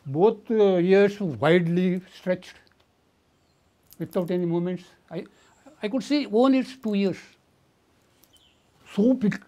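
An older man with an Indian English accent, a coffee estate owner, recounting in an interview how an elephant attacked him, halting and restarting mid-phrase. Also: sits high, mellow. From southern India.

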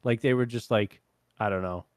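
A man's voice: on the low side, normal speed, smooth, no echo, clean studio sound. A man co-hosting a casual review chat, rambling with fillers and laughing often. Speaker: podcast co-host reviewing a show.

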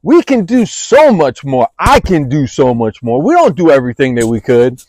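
A man's voice: fairly high pitch, very animated, moderate pace, darkish tone, no room sound, rough recording. A man preaching a fervent daily devotional, impassioned, repeating his phrases and calling out to his listeners as y'all.

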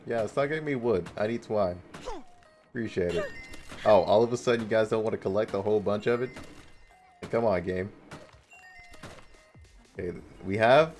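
Excitable young man yelling at game enemies. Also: fairly low pitch. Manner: excitable, laughing, yelps and swears at enemies. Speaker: gaming streamer. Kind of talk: casual gameplay commentary.

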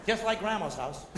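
A man doing a high-energy stand-up comedy set, shouting and working the crowd. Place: large hall with a live audience. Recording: echoey hall, loud crowd and noise.

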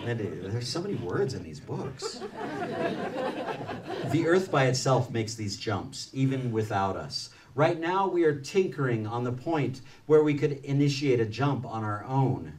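A man reads from his book to a library audience, easing into loose, rambling asides full of "uh" and restarts. His voice sounds set back from the microphone, with a mid-range pitch. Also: lively intonation, unhurried, a little mellow, far from the mic. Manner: reads aloud, then speaks loosely with many fillers and restarts. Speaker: author reading from his book. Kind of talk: book reading mixed with casual storytelling. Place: public library event room.

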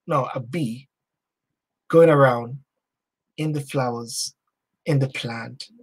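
Husky and on the high side, this man hosts a talk show and launches into a fervent motivational speech with a preachy edge. He repeats slogans like chants, his volume shifting between near-whispers and loud bursts.

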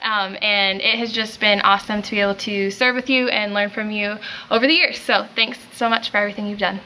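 Bright-toned woman, chatty thanks. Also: medium pitch, fairly even intonation, brisk, a little hiss or hum, poor audio. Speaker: youth ministry volunteer.

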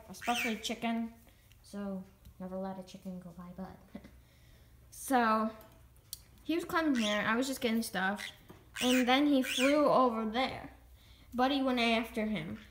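Slow, rambling girl showing her pets. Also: fairly high pitch, background noise. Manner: rambling, halting, full of restarts. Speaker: vlogger. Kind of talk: casual pet vlog.

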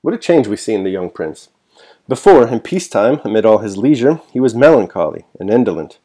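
Low-voiced male reader, measured and even, audiobook narration plus commentary. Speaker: reader and host. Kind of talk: reading a novel aloud with reflection.

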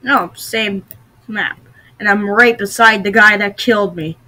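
A woman giving casual gameplay commentary with excitable, dramatic outbursts, sometimes trying out odd voices. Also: medium pitch, measured pace, low-quality recording. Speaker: gamer.

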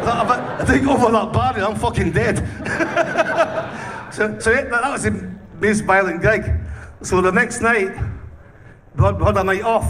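A man telling rowdy stories in a casual interview, swearing constantly and breaking into laughter. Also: high voice. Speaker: punk band singer. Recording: distant mic with faint background noise.

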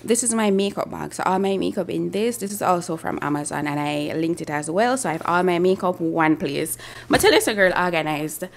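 A woman chatting casually in a travel vlog. She sounds husky and tired after just waking up. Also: lowish voice, a little fast, hardly any pauses, a little hiss or hum. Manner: chatty, shows items to camera. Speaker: vlogger.

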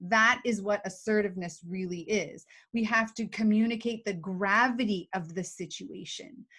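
In a relaxed live video chat, a female guest expert on emotional intelligence brings her explanations to life by acting out examples. She talks animatedly, with a medium-pitched voice at a moderate pace.

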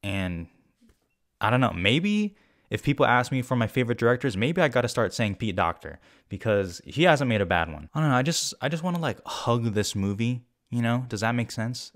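Rambling young man reviewing a film. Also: on the low side. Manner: rambling and excitable, with frequent fillers and swearing. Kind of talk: casual spoken movie review.

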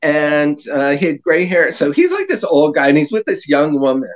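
Man, podcast guest, fairly high voice, rambling anecdotes, filler-heavy casual chat. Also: sing-song, moderate pace, poor audio.

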